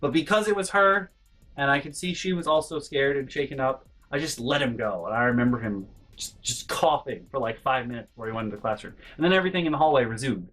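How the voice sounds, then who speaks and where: A man vlogging a personal story in an animated way, swinging between hushed and loud and swearing freely. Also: medium pitch, quick pace, low-quality recording. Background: faint background music.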